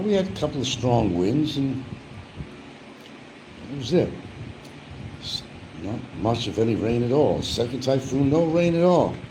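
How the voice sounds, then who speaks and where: In this casual eating vlog, a man with a medium-pitched voice chats at home between bites, rambling and complaining about the news. The background is noisy.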